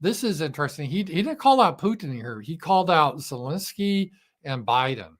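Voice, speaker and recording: A man's voice: a little high, very animated, normal speed. A man hosting a livestream show, giving blunt, sarcastic political commentary with crude asides. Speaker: show host.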